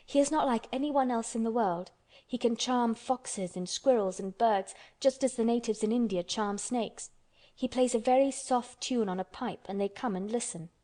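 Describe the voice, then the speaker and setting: A woman's voice: on the high side, normal speed, dark tone, close to an everyday voice. A woman voicing a stubborn, contrary orphan girl who speaks bluntly and obstinately.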